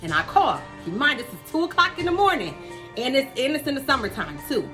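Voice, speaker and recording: A woman vlogger telling a family story in an animated, chatty way, talking straight to her viewers. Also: high voice, fast, soft background music. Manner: lively, addresses viewers directly.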